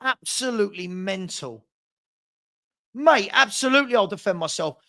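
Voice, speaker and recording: A man's voice: sits high, animated, normal speed, sharp tone. A young man hosting a live football watchalong, ranting heatedly and hurling insults.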